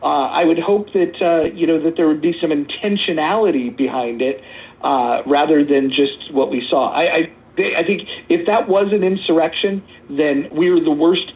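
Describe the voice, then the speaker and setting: A man's voice: on the high side, vocal fry. A man hosting a heated political talk show, blunt and emphatic, stumbling over repeated words. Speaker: podcast host. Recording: tinny phone-like audio.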